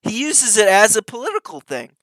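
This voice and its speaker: A man's voice: sits high, huge pitch swings, brisk, fairly bright tone, dry recording. A man reacting to news clips with profane, sneering commentary.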